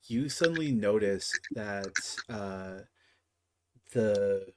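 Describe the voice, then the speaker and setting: A man's voice: lowish voice, takes it slowly, noisy background. A man running a tabletop game as game master, narrating casually with swearing and lots of fillers. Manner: casual and profane, with many fillers.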